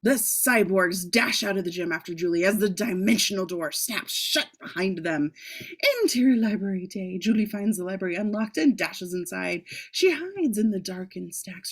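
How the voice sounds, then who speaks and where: A woman's voice: fairly low pitch, normal speed, husky. A woman reading a screenplay aloud in a casual way, breaking off for joking asides and the odd swear word. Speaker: script reader.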